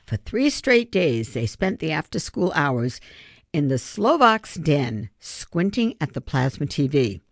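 An audiobook reader giving expressive scripted narration. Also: medium pitch, unhurried, dry recording, studio quality. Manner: expressive storytelling.

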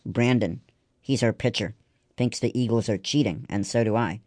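A man's voice: lowish voice, normal speed, a little mellow, no echo, studio quality, lightly acted. A man reading the lines of a spirited, stubborn young girl ballplayer in a storybook. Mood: eager.

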